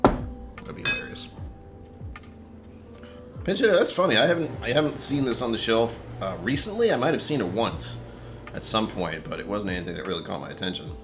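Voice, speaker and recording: A man's voice: on the low side, animated, fairly quick, long pauses. A man hosting a casual whiskey-tasting livestream from his apartment, rambling, talking to himself and chuckling often.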